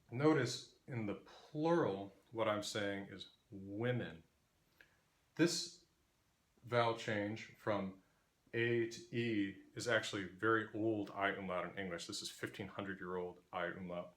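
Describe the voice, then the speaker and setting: A man's voice: fairly low pitch, fairly even intonation, unhurried, a bit bright. A man with an Interior West American accent teaching linguistics, explaining patiently and demonstrating vowel sounds aloud. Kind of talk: explanatory lecture.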